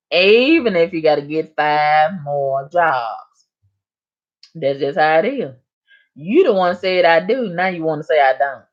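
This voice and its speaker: Woman, low voice, casual live stream chat, reads viewer comments aloud, dull stream audio.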